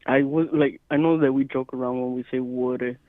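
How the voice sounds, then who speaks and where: A man's voice: mid-range voice, fairly even intonation, a little fast, no echo, narrow, tinny audio. A man co-hosting a podcast in easygoing casual chat, joking and laughing at himself. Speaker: podcast co-host.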